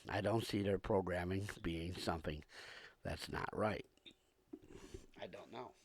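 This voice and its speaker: Male podcast host with a cold, low gravelly voice, repetitive aggrieved rant full of pauses. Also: fairly even intonation, no echo. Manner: repetitive, aggrieved, pausing often. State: hoarse with a cold, coughing. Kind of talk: ranting monologue to listeners.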